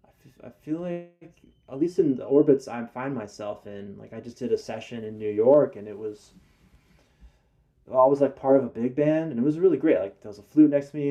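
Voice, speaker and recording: Gravelly, dark-voiced man, hesitant. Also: mid-range voice, dull audio. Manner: hesitant, lots of fillers and restarts. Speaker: guest musician. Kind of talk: casual interview chat.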